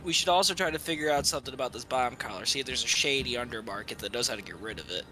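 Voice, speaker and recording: Bright-voiced, blunt man at the game table. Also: mid-range voice, racing, a little hiss or hum, low-quality recording. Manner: blunt, animated, pushes his point. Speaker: player. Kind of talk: casual tabletop game chat.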